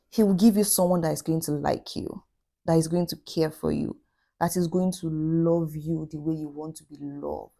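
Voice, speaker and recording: A woman speaks tenderly to her viewers in a heartfelt advice vlog. Her voice sits low and mellow, and she comforts and encourages, repeating her phrases for emphasis. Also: gravelly. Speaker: vlogger.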